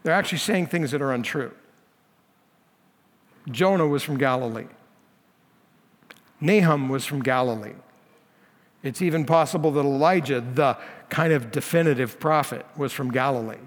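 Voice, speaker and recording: In a church sanctuary with long hall reverb, a lead pastor delivers an expository sermon, working through scripture in a plain, conversational way. His mid-range voice moves at normal speed with long pauses.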